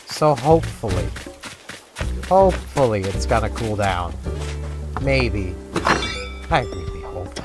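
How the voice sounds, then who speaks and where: Man, gaming vlogger, rambling and scattered, lively pitch, game music underneath. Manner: scattered, rambling talk with many restarts. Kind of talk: casual rambling commentary.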